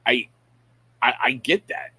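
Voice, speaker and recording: A middle-aged live stream host speaks slowly in a medium-pitched, husky voice with a sharp tone, his talk loose and rambling. He's straightforward and pokes fun at himself, pausing mid-thought to greet viewers by name. There's no room sound, but the audio is poor.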